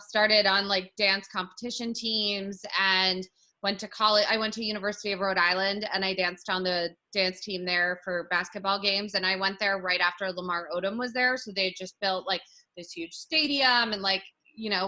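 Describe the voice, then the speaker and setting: A woman's voice: medium pitch, sharp tone. A woman in her thirties, a podcast guest, chatting and telling stories in a loose, casual way full of fillers. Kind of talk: casual storytelling.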